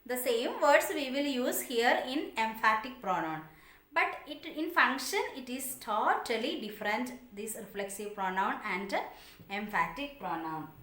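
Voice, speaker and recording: A woman's voice: a little high, fairly bright tone, reverberant. A woman teaching English grammar, patiently repeating examples and asking her students questions, with non-native English phrasing. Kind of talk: online grammar lesson.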